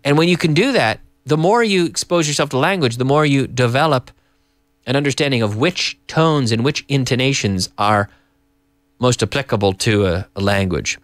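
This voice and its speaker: A man hosting a live English lesson from an office, explaining pronunciation in an animated, repetitive way and slipping in Spanish phrases. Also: medium pitch, normal speed, no room sound, studio quality. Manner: animated, repeats and restarts, slips in Spanish phrases. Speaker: English teacher and show host.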